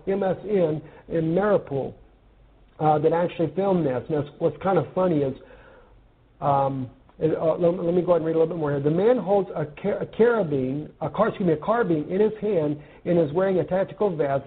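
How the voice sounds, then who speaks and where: A man from the United States comments on news articles in an earnest, conversational manner, pausing to think mid-sentence. His voice sits a little on the high side for a man. The audio is narrow and tinny, like a phone line.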